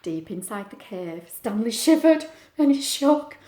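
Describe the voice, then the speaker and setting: A woman's voice: on the high side, very animated, unhurried, mellow, reverberant, slight background noise. A woman, a teacher, reading a picture book aloud at home for children, chatty and asking them questions. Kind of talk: storybook read-aloud.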